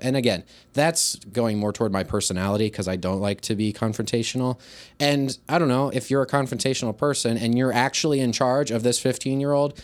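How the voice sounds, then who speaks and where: Easygoing man chatting casually, mid pitch. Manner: easygoing, acts out quoted lines in a livelier voice; thinks aloud, many restarts and hedges. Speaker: podcast co-host, high school teacher. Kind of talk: casual conversation.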